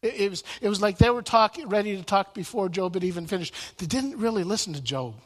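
Halting male preacher in a reverberant hall. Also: high-pitched, expressive. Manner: halting, with frequent repeated words and restarts. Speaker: Bible teacher. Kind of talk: sermon-style Bible teaching. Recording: long reverb in a large room.

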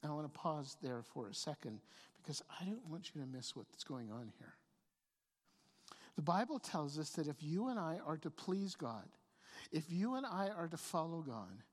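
A woman pastor delivering a sermon, telling the story in a conversational way and often repeating words as she restarts her phrases. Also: on the low side. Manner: storytelling preacher, frequent stammered restarts. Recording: long reverb of a large hall.

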